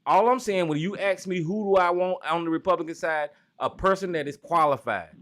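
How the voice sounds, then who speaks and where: A man with a Southern US accent hosting a call-in radio show, berating a caller with loud profane insults. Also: sits high, brisk. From American South. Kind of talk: heated call-in radio argument.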